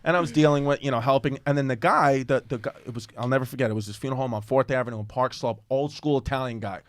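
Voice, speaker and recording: A man's voice: mid-range voice, fast talker, no echo. Profane New man telling a story. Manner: profane rambling anecdote with acted-out quotes. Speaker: guest comedian. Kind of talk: storytelling on a podcast. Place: podcast studio.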